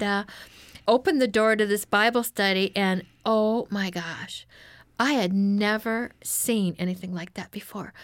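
A woman's voice: mid-range voice, fairly bright tone, dry recording. A woman guest on an interview, telling her life story in an earnest, emotional way. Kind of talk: personal testimony in an interview.

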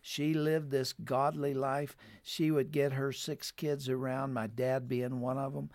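A man telling a story in a heartfelt, earnest way, in a mid-range voice. He often grows louder and more urgent as he appeals to his listeners. The recording sounds close and dry, with no room echo. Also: mid-range voice, flat delivery, unhurried. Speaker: radio program guest.

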